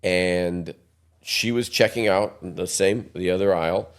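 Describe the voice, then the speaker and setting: A man in his sixties, appearing as a podcast guest in a casual interview, tells long, rambling anecdotes and quotes other people's voices. His voice sits low and he speaks unhurriedly.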